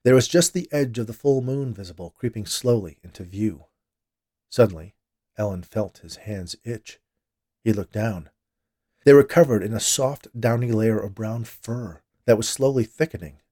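A man reading a horror story aloud, quiet and low between the lines of dialogue. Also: moderate pace. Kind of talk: dramatic horror narration.

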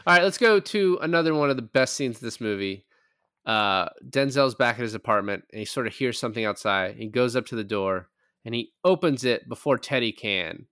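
A man's voice: mid-range voice, lively intonation, fairly quick, bright, forceful tone, no echo, clean studio sound. A man co-hosting a casual movie podcast, retelling scenes with quoted lines and casual swearing. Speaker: podcast co-host.

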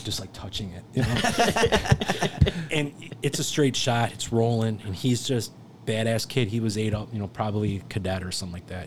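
A man's voice: lowish voice, background noise. A man in his thirties, a firefighter guest telling a story in a loose, profane, rambling way and laughing often. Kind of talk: casual storytelling.

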